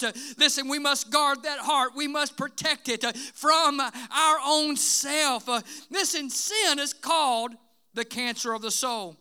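Fiery, bright-voiced preacher man. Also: very high voice, a little slow. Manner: emphatic, frequent "uh" and "listen", shouting bursts. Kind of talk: fiery sermon.

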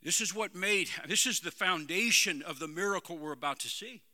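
A man's voice: sits high, fairly quick, sharp tone. A man preaching a sermon as pastor, calling out "Amen?" to his congregation. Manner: preaching with call-and-response "Amen?". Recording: long hall reverb.

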